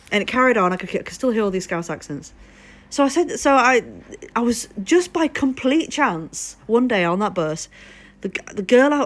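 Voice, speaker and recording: A woman from Liverpool live streaming, telling a rambling story in casual chat, swearing freely and breaking off to thank followers. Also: mid-range voice. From Liverpool, England.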